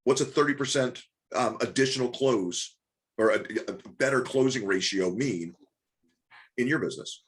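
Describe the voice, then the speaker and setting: A man leads a group coaching call in a mid-pitched voice. He talks fast, restarts his sentences and keeps pressing the group with rhetorical questions. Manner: rapid, repetitive restarts, coaxing and rhetorical questions. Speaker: business coach.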